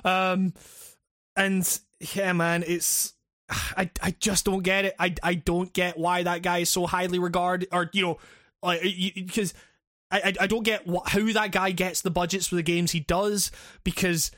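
A man's voice: sits high, flat delivery, unhurried, fairly bright tone, no room sound, studio quality. A man in casual game talk, rambling with many restarts and plenty of swearing.

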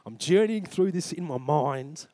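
A man's voice: on the high side, expressive, a little slow, warm tone. A man in his forties with an Australian accent, preaching a sermon and telling a personal story, acting out conversations with God. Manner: earnest storytelling, acts out dialogue with God. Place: church.

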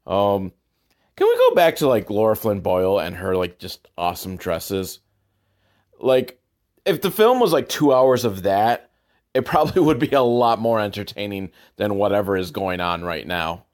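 A man's voice: lowish voice, normal speed. A man giving rambling, sarcastic commentary on a movie, wandering off on tangents with lots of filler words. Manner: rambling, deadpan, tangent-prone with many "like" fillers.

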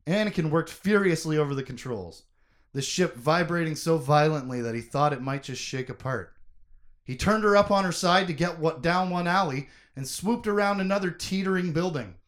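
A man's voice: a little high, lively intonation, moderate pace. A man recapping a story casually, then reading a long passage aloud with dramatic emphasis. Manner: reads aloud with dramatic emphasis, shouting quoted lines.

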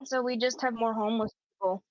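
A young Canadian woman chatting casually, her voice pitched a little high and full of fillers and laughter. The recording is dull and lo-fi, with a dry, close sound. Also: no echo. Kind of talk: casual chat.

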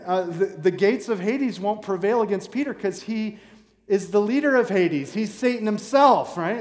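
A fairly high-voiced man preaching in a loose, joking, conversational way, acting out the people he describes. His voice rings through a big church hall with a long, echoing tail. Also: a little mellow. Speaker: pastor. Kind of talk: sermon. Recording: echoey hall with long reverb.

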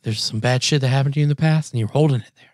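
A man co-hosting a podcast in casual chat, rambling through stories and acting out quoted people in high, squeaky voices. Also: racing, a little mellow, dry recording, clean studio sound. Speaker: podcast co-host.

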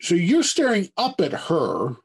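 A man narrating as game master of a tabletop game, hedging his descriptions as the scene unfolds. His voice is husky and slow. His pitch swings widely while he tells the story. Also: wildly swooping pitch. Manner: drawn-out storytelling with many hedges.

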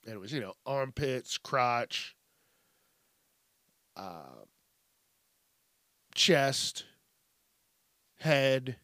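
A man's voice: medium pitch, lively intonation, extremely slow, pauses often, fairly bright tone, dry recording, clean studio sound. A middle-aged man hosting a podcast, ranting in a profane, rambling way that keeps breaking off mid-sentence. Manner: profane, rambling, self-interrupting. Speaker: podcast host. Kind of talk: casual comedic news rant.

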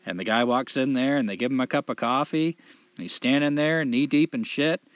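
A man hosting a casual chat, lively and laughing often as he tells a joke. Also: mid-range voice, a little fast, dry recording. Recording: dry, dull sound.

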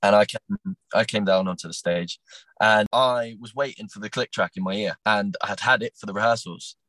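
A young man recounting his time as a talent show contestant, animated and acting out what others said, with plenty of restarts. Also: lowish voice, moderate pace, no echo, low-quality recording. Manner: animated storyteller, acts out quotes, frequent restarts. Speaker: podcast guest, former talent show contestant. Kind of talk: casual interview storytelling.

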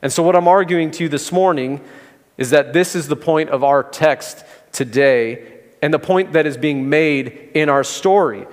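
A man's voice: a little high, moderate pace. Man preaching in a reverberant hall. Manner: conversational preaching with gentle humor. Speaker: pastor. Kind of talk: sermon. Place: church sanctuary.

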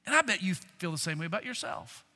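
A man, a pastor, preaching a sermon with a confessional, self-deprecating tone, swinging between loud emphatic bursts and hushed low phrases. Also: sing-song, fast talker, big-room sound.

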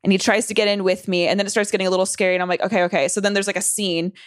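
A woman's voice: flat delivery, rapid-fire, no echo, studio quality. Casual woman telling a rambling story. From Southern California. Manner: rambling, profane, lots of fillers and restarts; acts out quoted voices in higher pitch.

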